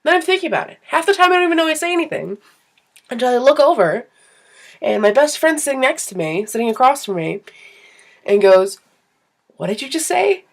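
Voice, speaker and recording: A young woman with a somewhat high voice chats to her camera. She rambles through her stories in an animated, self-deprecating way. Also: fairly quick. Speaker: vlogger. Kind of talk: casual storytelling to camera.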